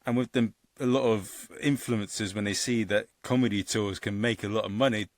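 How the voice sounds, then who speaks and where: A man's voice: on the low side, fairly even intonation, normal speed, no echo. Dry-sounding male podcast host. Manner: curious, asking questions with repeated starts. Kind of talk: casual interview chat.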